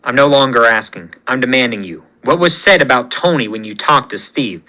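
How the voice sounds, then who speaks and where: A man voicing an indignant male soldier who talks in sharp, forceful protests. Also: mid-range voice, lively intonation, a little fast, pitched below the performer's own voice. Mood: stern. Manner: shouting, indignant. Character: outraged male soldier in armor.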